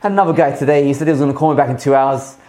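A man's voice: a little high, very fast. Rambling man chatting on stream. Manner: rambling, animated storytelling with frequent restarts. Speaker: live stream host. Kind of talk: casual chat.

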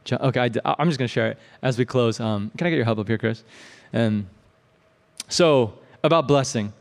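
With a mid-range voice and a slightly fast pace, a Midwestern US man gives an animated, storytelling sermon, filling it with casual fillers and repeated "right?" checks. The recording has a long hall reverb.

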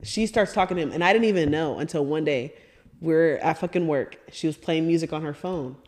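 A woman's voice: low-pitched, brisk, slight background noise. A woman guest on a podcast, telling a story in a casual chat and swearing freely as she goes. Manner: profane, animated storyteller.

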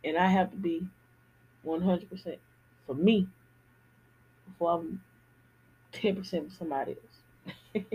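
Husky candid woman with a drawl. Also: on the low side, poor audio. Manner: candid, animated, repeats for emphasis. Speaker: podcast host. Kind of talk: casual personal monologue.

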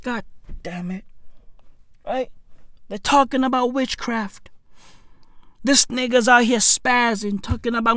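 A woman's voice: on the high side, unhurried, fairly bright tone, no room sound. A South African woman telling a comic story in a profane rant, asking "right?" again and again.

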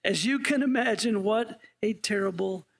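A man's voice: sits high, normal speed, creaky, a bit bright. A male interim pastor preaching a sermon in a conversational way, often asking the congregation playful questions.

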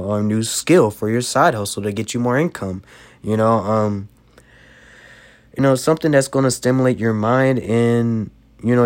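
A young man hosts a casual podcast, rambling through advice and leaning on "you know" again and again. He is sick, and a cough breaks in now and then. His voice sits at an ordinary middle pitch. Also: a little mellow. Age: young adult. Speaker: podcast host.

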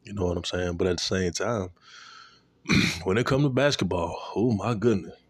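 A man in a casual, profane sports rant, animated and repeating himself, aimed at a commentator. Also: low voice, moderate pace, no room sound.

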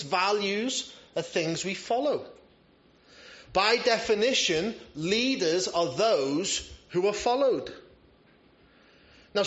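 A man's voice: high-pitched, fairly bright tone. A man preaching a sermon in a conversational way, with self-deprecating humor. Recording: roomy, slightly dull church recording.

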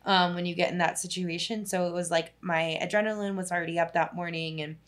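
Chatty young woman with a lowish voice. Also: steady tone, fast talker. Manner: rambling storytelling, heavy use of "like", casual swearing. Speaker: social worker telling a story. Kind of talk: casual podcast chat.

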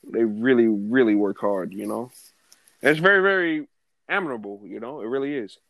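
A man's voice: mid-range voice, lively intonation, normal speed, gravelly, fairly bright tone, no echo, poor audio. A man in casual conversation, telling a story loosely with many fillers. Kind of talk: casual chat.

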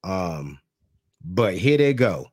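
A man co-hosting a casual comedy podcast, relaxed and joking, with loud laughs. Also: sits low, slow. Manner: laid-back, joking, laughs loudly. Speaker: podcast co-host.

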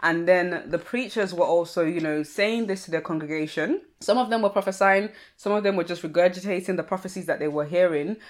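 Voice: medium pitch, a little fast, few pauses. A young podcast host chatting casually and at length. The host rambles with many likes and you knows and pokes fun at themself.

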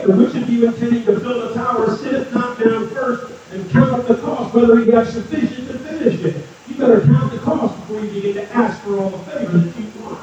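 A man giving an energetic guest sermon in a blunt, joking style. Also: extremely high pitch. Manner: loud, blunt, jokey preaching. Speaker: guest preacher. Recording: far, echoey, muffled hall sound.

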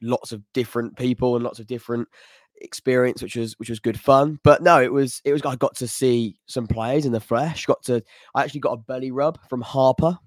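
A man's voice: medium pitch, steady tone, brisk, no room sound. Man, chatty, laughs easily, dry recording, casual podcast chat. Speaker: podcast co-host.

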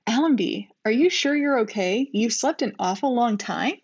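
A caring young heroine who looks after the hero, read aloud by a woman in a fairly high voice. The recording is dull and lo-fi. It is part of a read-aloud fanfiction. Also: lively intonation, moderate pace, a little mellow, slightly rough. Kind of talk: reading her childhood fanfiction aloud.

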